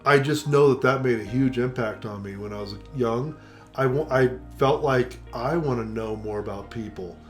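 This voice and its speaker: A man's voice: mid-range voice, normal speed, soft background music. An older man co-hosting a casual conversation, telling stories and acting out the voices of the people he quotes. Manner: animated storyteller, acts out quoted voices. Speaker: co-host.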